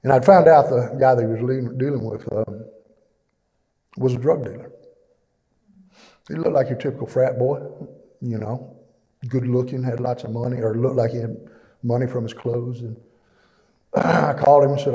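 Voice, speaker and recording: A man's voice: mid-range voice, steady tone, normal speed, long pauses, dark tone, dull audio. Man, middle-aged, plainspoken church testimony with many fillers, echoing through a reverberant hall. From East Texas. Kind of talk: personal testimony.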